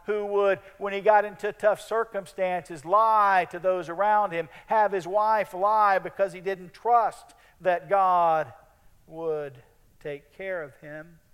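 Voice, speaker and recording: A male preacher delivers an earnest sermon in a fairly high, smooth, clear voice. His phrases often fade softly at the end. A long reverb hangs in the space, as in a large hall. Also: steady tone, takes it slowly.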